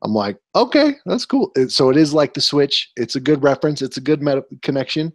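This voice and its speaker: A man's voice: mid-range voice, fast, no room sound, studio quality. A man in his twenties co-hosting a casual podcast, telling annoyed stories with an exasperated, ranting manner. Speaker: podcast co-host.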